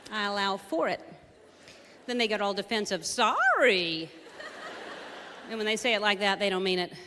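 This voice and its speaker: A woman's voice: medium pitch, steady tone, fast, big-room sound, noisy background. Wry observational woman comic. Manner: wry, questioning observational delivery. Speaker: stand-up comedian. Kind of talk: stand-up observational comedy.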